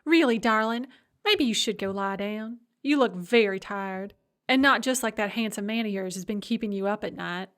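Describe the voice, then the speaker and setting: A woman's voice: mid-range voice, normal speed, fairly bright tone, lightly acted. Woman voicing a teasing old grandma. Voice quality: drawling, fond, teasing. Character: doting, shrewd old Southern grandmother. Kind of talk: audiobook character voice.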